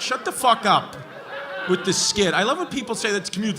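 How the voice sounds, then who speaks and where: Brash New York comic with a high voice. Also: male voice, sing-song, normal speed. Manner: brash, profane, roasting hecklers, frequent shouting. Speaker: stand-up comedian. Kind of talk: live stand-up crowd work. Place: comedy club stage with a laughing crowd. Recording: live club audio with crowd laughter.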